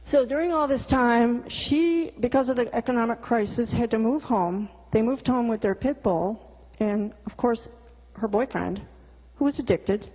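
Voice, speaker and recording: Woman, high voice, middle-aged, blunt swearing storyteller, dull lo-fi sound, long hall echo. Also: normal speed. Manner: blunt, frank, swears freely; vivid storyteller, exasperated asides. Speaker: cartoonist and teacher giving a talk. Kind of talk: candid storytelling talk with slides. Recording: lo-fi recording with long hall reverb.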